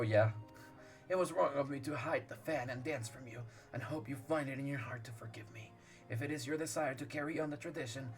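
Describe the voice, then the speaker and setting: A man playing a stern older nobleman, low, subdued, regretful, game music faint behind. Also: natural voice.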